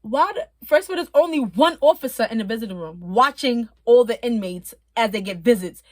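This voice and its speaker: A woman with a high, bright voice tells a long personal story straight to the camera. Her delivery is loose and animated, full of swearing and bursts of laughter. The sound is dry and close, with no room echo. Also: a little fast. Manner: animated, profane, laughing, emotional. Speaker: vlogger recounting her prison time. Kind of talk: casual storytelling.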